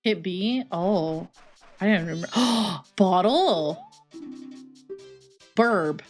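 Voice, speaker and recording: A woman's voice: mid-range voice, animated, drawn-out words, soft background music. A woman from Texas streaming a game, chatting casually and swearing freely as she reacts. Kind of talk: casual gaming livestream chat.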